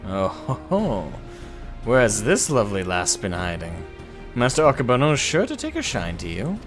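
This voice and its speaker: A man voicing a gruff guard in a game, drawing out commanding words. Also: fairly low pitch, wildly swooping pitch, normal speed, over music.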